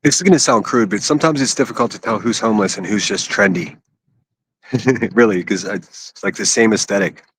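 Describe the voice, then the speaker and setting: A man's voice: on the low side, a little fast, fairly bright tone, slight background noise. A man from Pittsburgh chatting casually and a bit crudely on a phone livestream from an outdoor city park. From Pittsburgh, USA. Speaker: IRL livestreamer.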